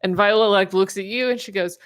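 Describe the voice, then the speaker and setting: A woman's voice: medium pitch, fairly quick, dry recording. A woman narrating as game master of a tabletop game, rambling with lots of fillers and laughter.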